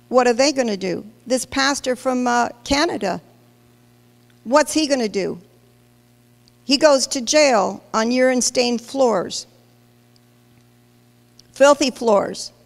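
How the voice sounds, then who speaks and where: In a large church hall with long reverb, a woman pastor preaches emphatically, questioning her congregation directly. Her voice sits high and sounds gravelly.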